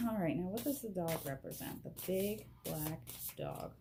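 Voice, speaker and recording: A woman giving a casual spiritual card reading at a table, excitable and emotional, laughing often and speaking straight to the viewer through a camera propped on a box. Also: medium pitch, a little slow, very noisy. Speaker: vlogger doing a card reading. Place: at a table indoors.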